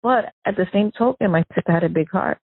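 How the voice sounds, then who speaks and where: A woman tells her late sister's story, slipping into the voices of the people she quotes. Her voice is gravelly and husky, with a dry, close sound. It comes through a narrow, tinny phone line. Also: mid-range voice, quick pace, no room sound. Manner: animated storyteller who acts out quoted dialogue. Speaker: victim's sister, interviewee. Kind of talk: emotional first-person recollection.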